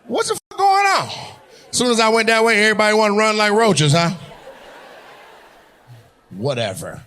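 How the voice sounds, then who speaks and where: A male stand-up comedian doing loud, teasing crowd work, often laughing as he talks. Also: sits high, very animated, moderate pace.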